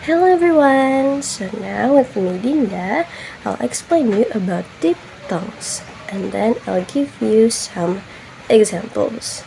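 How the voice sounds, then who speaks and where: A woman's voice: fairly high pitch, animated, slow pace, gravelly, warm tone, a little hiss or hum, poor audio. A young woman giving a classroom presentation, carefully spelling out example words letter by letter. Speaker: student presenter.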